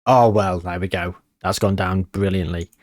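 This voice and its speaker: A man, tired, giving casual commentary on a football management game and muttering player names between bursts of excitement. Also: deep voice, moderate pace, no room sound, clean studio sound. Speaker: gaming channel host.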